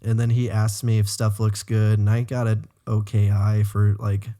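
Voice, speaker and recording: Laid-back young man, low mellow voice. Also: level tone, normal speed. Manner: laid-back, lots of short agreeing replies. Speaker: podcast co-host. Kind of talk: casual chat.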